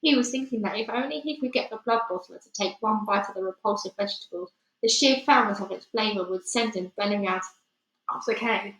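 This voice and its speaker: A woman's voice: mid-range voice, brisk. Woman reading a story aloud in an echoey room. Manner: steady expressive reading with small slips. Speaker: reader.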